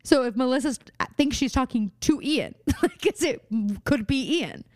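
A woman's voice: sits high, lively intonation, moderate pace, no room sound. Playful chatty woman co-host, dry sound. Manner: chatty, playful, laughs often, riffs on jokes. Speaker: podcast co-host. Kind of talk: casual chat recapping a TV show.

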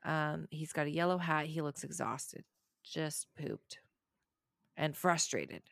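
Co-host, female: low gravelly voice, dry close sound, jumpy squeamish reactions. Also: slow, dry recording. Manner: excitable and squeamish, gasps and exclaims. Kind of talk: casual chat reacting to a video.

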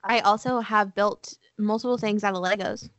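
A woman's voice: mid-range voice, fairly even intonation, normal speed, a bit bright, no room sound. A woman co-hosting a podcast from home, teasing her friends drily and steering the chat to new topics. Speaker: podcast co-host. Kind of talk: casual chat.

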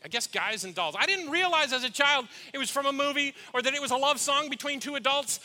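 A man's voice: very high-pitched, quick pace, pushed and bright. A middle-aged man, a pastor, giving a sermon in a heartfelt, storytelling way with asides to the congregation.

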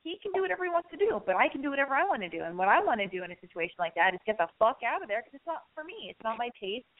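A woman hosting a casual call-in radio advice show, raspy and hoarse from losing her voice, talking candidly in a rambling way and swearing freely. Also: fairly high pitch, big pitch swings, rapid-fire, phone-quality sound.

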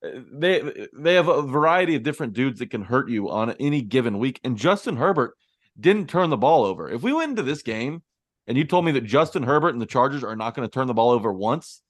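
A man co-hosting a sports podcast, breaking down a game in a measured, analytical way. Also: mid-range voice, sing-song, dry recording, clean studio sound. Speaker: podcast co-host.

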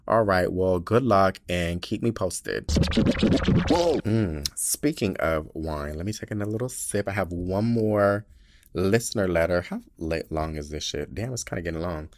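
A man hosting a podcast, chatting casually and reading listener letters in a sassy, profane, animated way, sounding tired. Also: deep voice, measured pace, soft background music. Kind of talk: casual chat.

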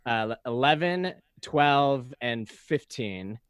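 A man chatting casually on a podcast, spinning playful dark jokes. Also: medium pitch, expressive, slow pace, clean tone, no echo, studio quality. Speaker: podcast guest. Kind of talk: casual chat.

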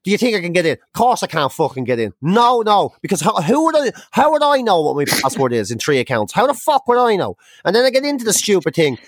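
A man's voice: high voice, big pitch swings, quick pace, few pauses, no echo, clean studio sound. A young man co-hosting a podcast, telling stories in a swearing, exasperated rant. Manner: sweary, ranting, exasperated storytelling. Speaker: podcast co-host. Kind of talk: casual chat.

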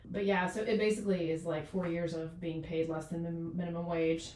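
Picked up off-mic in an echoey room with slight background noise, a woman doctor in her forties talks casually as an interview guest. Her fairly low, darkish voice barely moves in pitch and runs brisk, rambling with many fillers and restarts.

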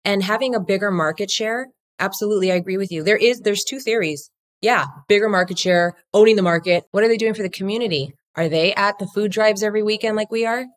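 A woman's voice: mid-range voice, fast. A woman who co-founded a law firm, talking energetically and bluntly as an interview guest, now and then swearing and mimicking other people's voices. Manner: swings into acted quotes of others. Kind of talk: casual interview talk.

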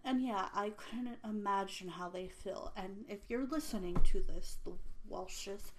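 A woman's voice: mid-range voice, a little slow, a little hiss or hum. A young adult woman, a parent, talking about a true crime case in a casual, earnest and emotional way, with many fillers.

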